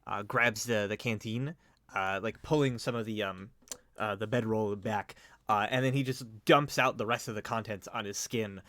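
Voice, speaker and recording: A man's voice: lowish voice, normal speed, fairly bright tone, dry recording. A man narrating as game master in a tabletop game, rambling with many fillers. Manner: rambling, full of fillers and hedges.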